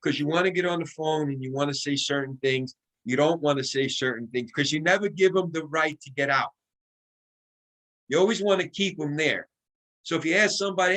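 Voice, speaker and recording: A man giving an excitable, coaching sales training talk over a video call, acting out sample phone calls as he goes. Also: on the high side, brisk, low-quality recording. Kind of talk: motivational team training talk.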